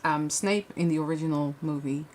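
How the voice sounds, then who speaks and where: A woman's voice: sits low, normal speed, a little mellow, slight background noise. A young adult woman chatting casually as she crafts on a livestream, rambling with frequent restarts and fillers. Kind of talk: casual chat while crafting.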